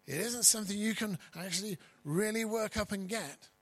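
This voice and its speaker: A man preaching a sermon as pastor, stressing key words loudly and dropping to quiet asides. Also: sits high, moderate pace, rough recording. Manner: emphatic, swinging between loud stresses and quiet asides.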